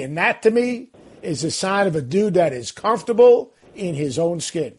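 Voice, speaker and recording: A man's voice: sits high, very animated, normal speed, a little mellow, husky. A man co-hosting a casual basketball talk show, telling stories in an emphatic way. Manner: emphatic, storytelling. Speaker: basketball analyst and co-host.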